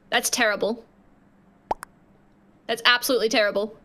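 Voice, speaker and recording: A woman's voice: sits high, animated, normal speed, sharp tone, slight background noise. A woman livestreaming a game with viewers, chatting casually, scolding sassily and shrieking in mock terror. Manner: sassy scolding. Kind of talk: casual livestream gameplay chat.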